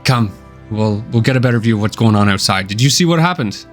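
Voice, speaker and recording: A man voicing a weary old dwarf commander who speaks slowly and solemnly in a tabletop game. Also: lowish voice, animated, soft background music, lightly acted. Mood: grave.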